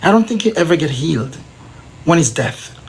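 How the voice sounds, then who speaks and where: An interviewer hosting a live-streamed interview, asking gentle, sympathetic questions with many restarts. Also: mid-range voice, expressive, normal speed, slight background noise.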